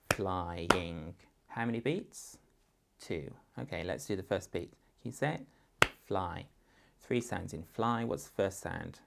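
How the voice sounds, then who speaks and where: A male teacher with an English accent and a lowish, creaky voice patiently guides parents through a phonics writing exercise one step at a time.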